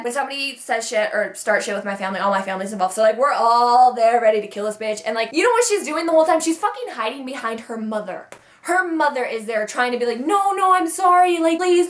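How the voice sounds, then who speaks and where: A young adult woman telling stories in a casual vlog, ranting with heavy swearing. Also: a little high. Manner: profane, heated ranting storyteller. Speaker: vlogger. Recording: roomy echo.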